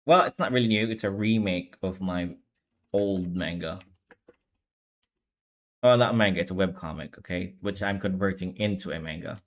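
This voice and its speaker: Here a drowsy, low-energy young man talks to his stream while working on manga drawings. His voice sits low, he moves at a moderate pace with frequent pauses, and his laid-back rambling keeps self-correcting.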